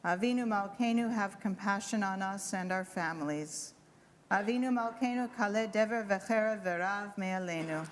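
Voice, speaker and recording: A woman reads a responsive prayer in a measured, steady voice. A long sanctuary echo follows her words, and faint background noise sits underneath. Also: medium pitch. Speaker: prayer reader. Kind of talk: responsive liturgical reading. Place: synagogue sanctuary.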